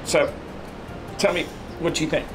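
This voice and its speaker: A man's voice: fairly high pitch, little pitch movement, measured pace. An older man, a vlogger's dad, chatting easily and laughing along. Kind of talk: casual chat. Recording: distant mic with loud music.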